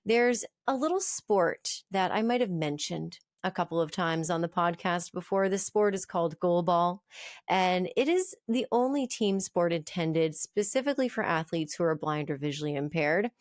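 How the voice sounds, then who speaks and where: A woman in her thirties hosts a podcast with a friendly, chatty manner and a self-deprecating streak. Her voice sits somewhat low. The recording is close and dry, with no room sound. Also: lively intonation, normal speed, dry recording. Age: 30s. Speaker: podcast host. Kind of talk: podcast hosting.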